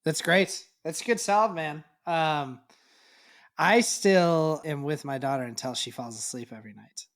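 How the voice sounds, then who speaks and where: A man co-hosting a casual parenting podcast, talking in a relaxed, reflective way and laughing easily. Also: on the high side, unhurried. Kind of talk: casual chat.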